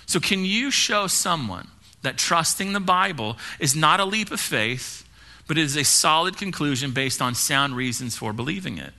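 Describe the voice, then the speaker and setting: A young man from the United States preaches at a live-streamed church service. His voice sits slightly high and has a sharp, very bright edge. He talks fast and keeps restarting and repeating words as he pushes ahead. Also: lively intonation. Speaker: pastor. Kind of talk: sermon.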